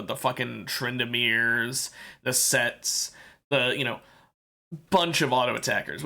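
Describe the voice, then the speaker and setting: Man streaming a game, half-awake, rambling; bright voice, animated pitch. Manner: rambling, self-correcting, laughs at himself. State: sleepy, yawning. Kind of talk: casual gameplay commentary.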